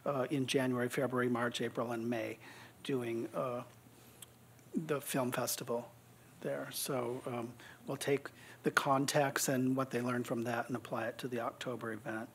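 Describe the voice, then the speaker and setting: A man on a city commission adding to a committee report at a public meeting, relaxed and informal. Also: medium pitch, moderate pace, a little hiss or hum.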